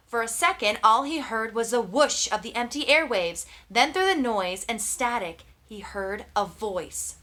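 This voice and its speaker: A woman's voice: fairly high pitch, pushed and bright. A woman narrating an audiobook with tense, dramatic storytelling. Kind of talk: scripted narration.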